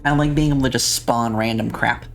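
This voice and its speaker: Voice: mid-range voice, fairly even intonation, a little fast, gravelly, faint music behind. A streamer in a casual let's-play, chatting along and reading and answering viewers' messages aloud.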